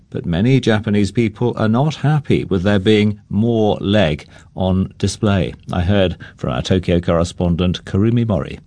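A man presenting radio news in a measured, clear way, his voice sitting low. The studio sound is dry and close, with no room around him. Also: darkish tone, dry recording.

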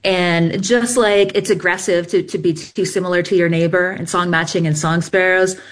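A woman's voice: lowish voice, steady tone, normal speed. A woman researcher patiently explaining bird behavior step by step in an interview. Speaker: bird song researcher guest.

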